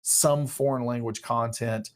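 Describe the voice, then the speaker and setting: Male host, casual live-stream update, relaxed and chatty, mid pitch. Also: unhurried. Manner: casual, friendly, a few uh fillers.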